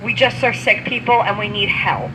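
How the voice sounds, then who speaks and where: A woman's voice: medium pitch, moderate pace, noisy background. A woman in her thirties giving a heartfelt personal testimony at a community event, talking in a conversational way with many fillers. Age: 30s. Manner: heartfelt, conversational, full of "you know" fillers. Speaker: speaker sharing a recovery story.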